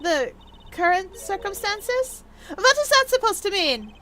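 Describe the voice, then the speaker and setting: A woman's voice: very high-pitched, big pitch swings, measured pace, bright, forceful tone, slight background noise, pitched above the performer's own voice, exaggerated voice. A woman voicing an arrogant young female prosecutor who snaps back with scornful, imperious retorts. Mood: scornful, indignant. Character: haughty, whip-cracking young female prosecutor.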